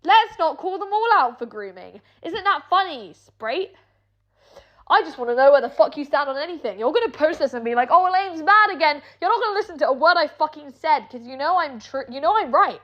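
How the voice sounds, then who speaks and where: Young British woman, high voice, heated sarcastic swearing rant, dull lo-fi audio. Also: big pitch swings, a little fast. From Britain. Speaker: online personality. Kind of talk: angry streamed rant.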